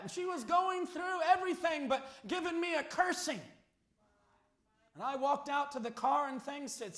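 A man preaching a sermon, telling a story and rising to shouted appeals. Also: extremely high pitch, normal speed. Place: church. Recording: echoey church hall.

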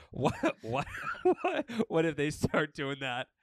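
A man's voice: a little high, huge pitch swings, slow, no room sound. A young man co-hosting a podcast in casual chat, crude and joking, laughing often. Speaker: podcast co-host.

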